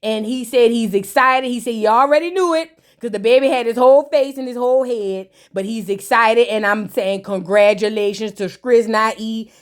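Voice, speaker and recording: A woman talking through a reality show recap in a casual, sassy way. Her talk is slangy and full of chatty asides aimed straight at her viewers. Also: mid-range voice.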